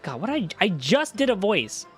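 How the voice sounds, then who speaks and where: A man's voice: high-pitched, sing-song, normal speed, fairly bright tone, soft background music. A man streaming a game, commenting casually with frequent swearing and self-mocking remarks.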